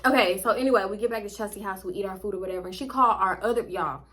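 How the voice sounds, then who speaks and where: A woman's voice: mid-range voice, racing, fairly bright tone, a little hiss or hum. A young woman vlogger telling a storytime casually, chatty and slangy, swearing freely and acting out what people said.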